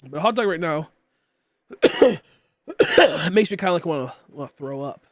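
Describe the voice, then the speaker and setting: A man's voice: a little high, very animated, measured pace, dry recording. A man in his late twenties chatting casually while streaming a game, rambling with many fillers and coughing now and then. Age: late 20s. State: coughing, throat tickly.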